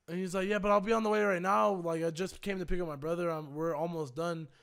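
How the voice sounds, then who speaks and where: Young guy streamer, high gravelly voice, swears a lot, acts out every phone call in the story. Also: quick pace. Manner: animated, profane, acts out both sides of phone calls. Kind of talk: casual storytelling chat.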